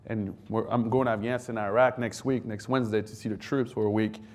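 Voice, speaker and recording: A man's voice: lowish voice, fast. A man in his thirties, raised in France, telling stories on stage as a guest author and acting out the voices he quotes. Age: 30s. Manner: animated anecdotes, acts out quoted voices, laughs often. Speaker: guest author, army veteran. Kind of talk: casual storytelling on stage.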